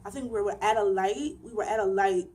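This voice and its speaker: Young woman, casual storytime vlog, animated emphatic delivery, everyday pitch. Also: fairly quick. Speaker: vlogger.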